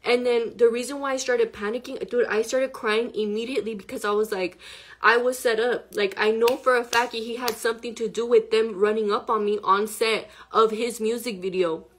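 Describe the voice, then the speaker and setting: A woman's voice: a little high, steady tone, moderate pace. A shaken, upset woman telling a personal story to camera in a rambling way, full of "like" and swearing. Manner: rambling, heavy use of "like" and profanity, agitated.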